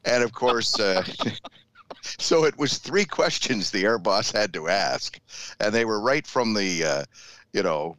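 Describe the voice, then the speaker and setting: A man's voice: lowish voice, animated, slow, a bit bright, no room sound. A man co-hosting a casual talk show, telling stories and laughing often. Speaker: show co-host. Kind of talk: casual chat.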